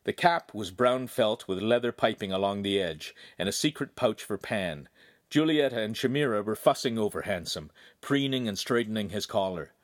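A man narrating a novel with an animated, expressive delivery. The recording is dry and close, with no room sound. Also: fairly low pitch, moderate pace, no room sound. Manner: expressive storytelling. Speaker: audiobook narrator. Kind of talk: scripted narration.

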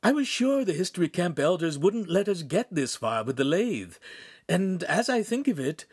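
A man's voice: sits high, sing-song, normal speed, slightly rough, dry recording, studio quality, voice pushed up, heavily acted. Man doing a wise cautious genie. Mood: thoughtful.

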